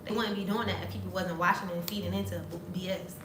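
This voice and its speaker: A woman from the States talks fast and bluntly, cutting in with sharp remarks. Her voice bounces around an echoey room. Steady background noise is clearly audible. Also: on the low side. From United States. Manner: blunt and quick to interject. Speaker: vlogger, wife in couple channel. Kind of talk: casual talk to camera.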